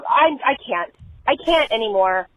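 A woman's voice: fairly high pitch, lively intonation, normal speed, a bit bright, dry recording. A mother leaving an exasperated, swearing rant as a voicemail to a podcast. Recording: tinny dry phone voicemail.

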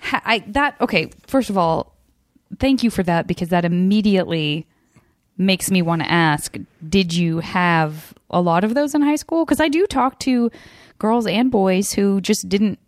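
A woman's voice: mid-range voice, a little slow. A woman hosting a podcast in casual chat, chatty and self-deprecating, recording remotely on a headset mic. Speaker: podcast host. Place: home setup in a remote recording. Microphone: studio mic with headphones.

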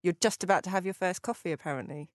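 A woman on a comedy panel, trading quick quips and laughing often. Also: fairly low pitch, dry recording, clean studio sound. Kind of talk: comic banter.

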